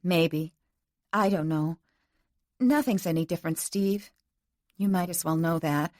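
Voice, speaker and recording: A woman's voice: fairly low pitch, measured pace, darkish tone, dry recording, close to an everyday voice. A woman voicing an emotional young bride-to-be who sounds pleading and close to tears. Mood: weary. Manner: pleading, tearful.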